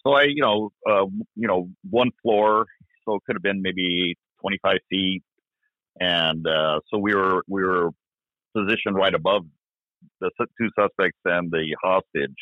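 A man, a former police officer, recounting events in an interview, halting with many fillers and restarts. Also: deep voice, no room sound. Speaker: retired police officer guest. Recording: dry, tinny phone-like line.

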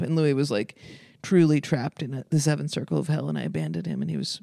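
A woman comedian who is a podcast guest, telling rambling stories with quick asides. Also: extremely low pitch, lively intonation, warm tone, no echo. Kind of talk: casual chat.

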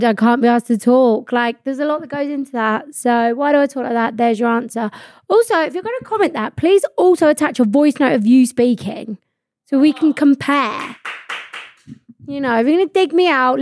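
Young girl ranting on her podcast, swears loads, kinda high voice, dead dry mic. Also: expressive, normal speed, a little mellow, dry recording. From England. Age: 20s. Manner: blunt, sweary, laughing, lots of "like". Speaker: podcast host. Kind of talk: casual solo podcast chat.

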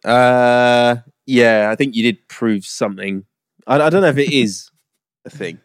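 A young man from England, speaking, who co-hosts a laid-back podcast. He fires off quick questions and teases the others. His voice is mid-pitched and the sound is very dry and close. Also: smooth, no echo. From Colchester, England. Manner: quick questions, teasing banter. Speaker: podcast co-host. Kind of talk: casual chat.

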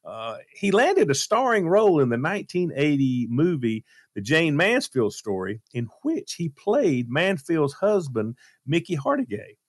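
Radio guy telling a story, kinda high voice, very animated, dry studio sound. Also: unhurried, hardly any pauses, no room sound. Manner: lively, animated retelling with fillers. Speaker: radio show host. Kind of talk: casual storytelling chat.

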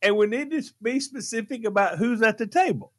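Man, high voice, swooping delivery, animated, playful banter. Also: fairly quick. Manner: animated, laughing, playfully argumentative. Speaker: radio co-host. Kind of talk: casual morning show banter.

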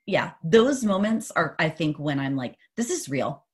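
Woman, podcast guest, animated storyteller, laughs often, low-pitched voice. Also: a little slow. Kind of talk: conversational interview.

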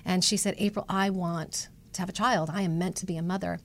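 A woman's voice: on the low side, fast. A middle-aged woman, a matchmaker guest, telling a story with feeling and acting out the people she quotes. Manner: animated, emotional storyteller acting out quoted voices. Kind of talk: conversational storytelling interview.

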